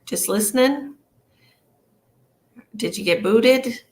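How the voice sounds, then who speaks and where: A woman's voice: fairly high pitch, slow pace. A woman psychic medium giving an emotional, earnest live-streamed reading, soothing and rambling with many fillers. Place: home livestream.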